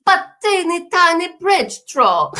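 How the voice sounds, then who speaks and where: A woman's voice: sits high, animated, measured pace, bright, forceful tone. A woman improvising a scene, telling a story playfully in a put-on French accent and dropping in French words. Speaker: improv performer.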